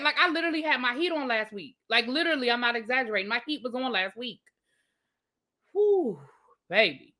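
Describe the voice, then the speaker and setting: Bright chatty woman with a DC accent. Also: mid-range voice, animated. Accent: Washington DC. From Washington DC area. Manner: chatty, drawn-out asides, answers the chat. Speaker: livestream host. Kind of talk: casual livestream chat reading viewer comments.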